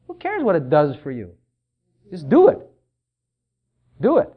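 Animated high-voiced preacher, lo-fi. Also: male voice, unhurried. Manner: animated, acts out quoted voices of churchgoers. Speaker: pastor. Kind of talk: sermon. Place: church.

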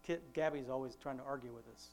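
A father's mid-range voice guides an informal devotion, wandering conversationally and restarting often before slowing to emphasize scripture. There's a bit of hiss or hum.

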